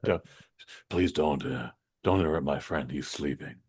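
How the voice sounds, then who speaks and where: A man co-hosting a comedy podcast, bantering in a relaxed, teasing way. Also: rumbling low, moderate pace, husky, dry recording, clean studio sound. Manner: laid-back, teasing banter. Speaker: podcast co-host. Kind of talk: casual comedic podcast chat.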